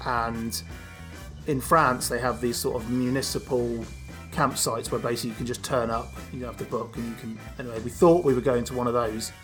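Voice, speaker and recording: A man's voice: medium pitch, fairly even intonation, fairly quick. British guy podcast host, rambly chatty storytelling, faint music under. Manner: chatty, laughs easily, rambling asides. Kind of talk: casual chat, storytelling.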